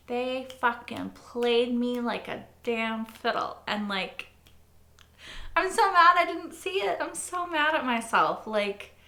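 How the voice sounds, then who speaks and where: A woman hosting a casual reaction video, animated and frequently swearing, repeating phrases as she talks things through. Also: medium pitch. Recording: roomy echo.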